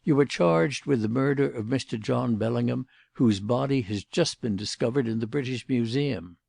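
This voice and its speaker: A male audiobook reader voicing a gruff, impatient police inspector who grumbles and issues demands. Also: medium pitch, moderate pace, darkish tone, dry recording, studio quality.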